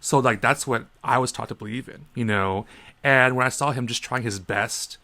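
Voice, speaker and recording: A man with a gravelly edge in his voice talks through a casual podcast. He tells stories in an animated way and acts out the people in them. His voice sits at an ordinary pitch. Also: moderate pace. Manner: animated storyteller, acts out other people in a high voice. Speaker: podcast co-host.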